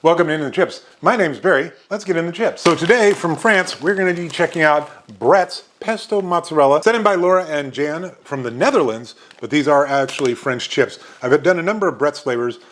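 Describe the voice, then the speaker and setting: A man in his fifties from the United States hosts a casual chip review vlog, upbeat and chatty, full of happy exclamations. His voice sits a little high with a fairly bright tone and lively intonation, and he talks fairly quickly with hardly any pauses.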